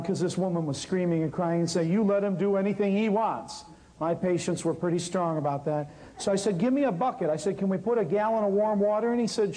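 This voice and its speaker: A man telling a lively story about his work as an herbal healer, acting out the people he quotes. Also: sits high, low-quality recording. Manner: animated storyteller, acts out quotes. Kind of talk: storytelling talk.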